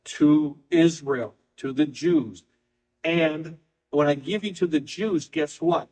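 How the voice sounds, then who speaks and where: A man preaching a sermon, emphatic and repetitive, reading scripture aloud and swinging between quick bursts and slow, drawn-out phrases. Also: fairly high pitch, a little mellow, low-quality recording. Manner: emphatic preaching, speeding up and slowing down, repeating phrases. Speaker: pastor.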